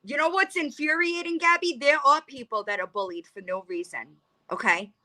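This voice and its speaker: A woman's voice: high voice, normal speed, pushed and bright. A woman ranting angrily in a reaction vlog, heated and profane, confronting someone directly. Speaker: commentary vlogger. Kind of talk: angry reaction rant.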